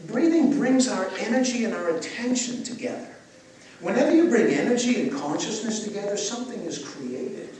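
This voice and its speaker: An older man leading a guided breathwork session for a live audience, asking gentle questions and slipping in playful jokes. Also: high-pitched, expressive, normal speed, a little hiss or hum. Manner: gentle guiding questions, joking asides. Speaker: breathwork teacher. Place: large echoey event space. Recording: echoey, distant live event recording with ambience.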